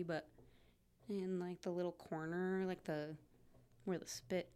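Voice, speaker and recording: A woman's voice: fairly low pitch, little pitch movement, slow, dark tone, clean tone. A woman in her forties from Connecticut, chatting casually as an interview guest, laughing often and trailing off with lots of fillers. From Connecticut, USA. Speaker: guest, fermented foods producer.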